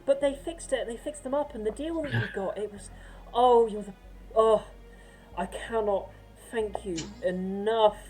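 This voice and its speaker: A woman voicing a doting older woman who clings to the person she greets, speaking softly and trailing off mid-sentence. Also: a little high, a little slow, soft background music, close to an everyday voice, poor audio. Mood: gushing.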